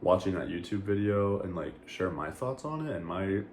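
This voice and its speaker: Low-voiced young man vlogging straight to camera, candid and rambling, full of fillers and cursing. The room echoes around him, with a faint hiss under the voice. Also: animated, moderate pace, a little mellow. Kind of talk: casual chat to camera.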